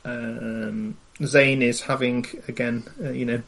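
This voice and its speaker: A man running a tabletop game, narrating with many ums and pauses. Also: mid-range voice, level tone, gravelly, fairly bright tone. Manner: hesitant, many ums and uhs. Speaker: game master.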